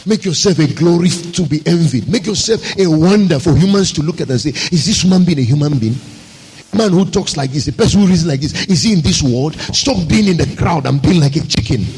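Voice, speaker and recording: A man's voice: fairly high pitch, expressive, fairly quick, a little mellow, husky, rough recording. A man pastor, preaching a sermon with emphatic, rhetorical repetition.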